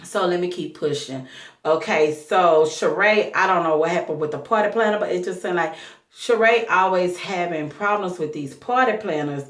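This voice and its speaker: Woman vlogger with a low voice and a choked-up throat, gossipy recap, echoey room, a bit off-mic. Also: moderate pace, a bit bright, far from the mic. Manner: chatty, gossipy and candid. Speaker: reality TV reviewer. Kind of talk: casual recap vlog.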